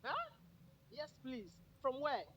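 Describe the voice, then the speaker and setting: A man's voice: very high voice, animated, slow, muffled recording. Male motivational speaker, playful and direct, live event with faint background noise. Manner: joking, addresses the crowd directly. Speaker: speaker at a summit. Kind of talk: motivational speech.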